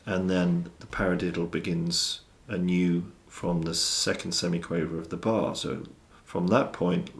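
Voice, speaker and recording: A man with a very low, gravelly voice explains drum rudiments. He talks in a measured, methodical way, calling out stickings one by one. He sounds like a teacher walking a student through an exercise. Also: level tone. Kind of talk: instructional explanation. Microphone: studio mic with monitor system.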